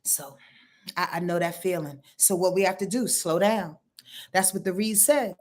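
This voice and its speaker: A middle-aged woman astrologer chatting casually with her viewers on a livestream, blunt and animated, telling stories and swearing freely. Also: on the low side, moderate pace. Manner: blunt, animated storytelling with profanity and laughs. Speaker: astrologer and tarot reader.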